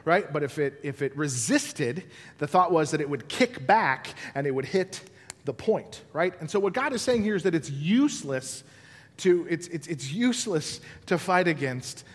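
A man preaching a sermon as pastor, telling the story with animated, acted-out scenes. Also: on the high side, moderate pace, big-room sound. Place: church building.

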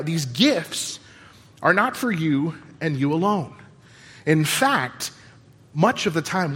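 A male pastor with a slightly high, husky voice delivers a sermon. He stacks repeated words as he builds emphasis, then sinks nearly to a whisper. His voice carries a long hall reverb. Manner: repeats words when building emphasis, drops to near whisper at key points.

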